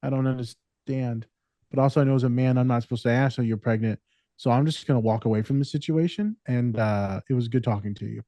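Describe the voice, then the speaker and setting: A therapist and podcast co-host telling stories in casual, profane, joking chat. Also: male voice, mid-range voice, fast, warm tone, no room sound.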